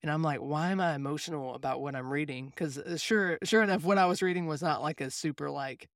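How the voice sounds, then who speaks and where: A young man talks earnestly and reflectively about faith, his slightly higher voice full of gravelly fry. The sound is close and dry, with no room around it. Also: quick pace, dry recording. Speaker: podcast co-host, mindset coach. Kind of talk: casual faith conversation.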